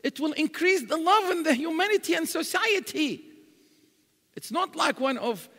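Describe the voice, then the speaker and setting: A man's voice: extremely high pitch, lively intonation, normal speed, sharp tone. A man giving a live sermon in a large mosque hall, telling stories animatedly and quoting Arabic verses. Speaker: religious speaker. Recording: reverberant hall.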